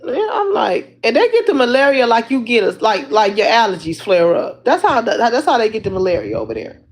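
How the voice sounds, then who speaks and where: A woman's voice: on the high side, sing-song, fairly quick, low-quality recording. A woman chatting casually to her livestream viewers, rambling along and laughing often, talking into a phone. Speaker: livestream host.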